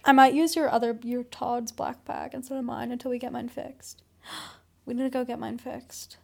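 A woman's voice: fairly high pitch, fairly even intonation, moderate pace, vocal fry, warm tone. A young woman co-hosting a podcast, telling a dramatic, gossipy story in casual chat and swearing freely. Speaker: podcast co-host.

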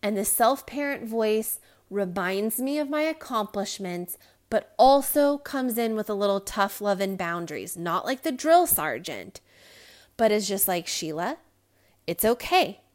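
A woman's voice: medium pitch, lively intonation, measured pace. A woman hosting a podcast, talking to listeners in a candid, rambling personal monologue with frequent fillers and small laughs. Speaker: podcast host.

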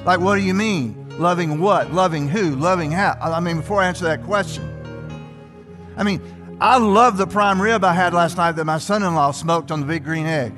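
Older male pastor, high-pitched, conversational sermon in a long-reverb church with faint music. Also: moderate pace. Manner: conversational, asks the congregation questions.

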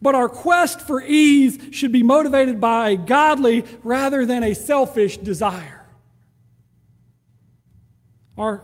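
A man's voice: very high voice, big-room sound. A man preaching a sermon in a conversational way, acting out prayers and quoted voices. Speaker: pastor.

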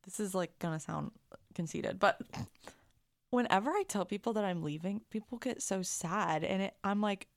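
A young woman as a podcast guest in casual chat, earnest, filling her stories with "like" and getting animated as she tells them. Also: mid-range voice, normal speed, creaky, dry recording, studio quality. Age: young adult. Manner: earnest with lots of "like", animated when telling stories.

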